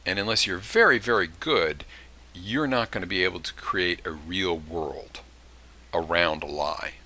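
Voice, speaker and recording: A man with a deep, unhurried voice and a sharp tone teaches criminal justice in a recorded lecture. He speaks conversationally, acting out short examples and adding asides.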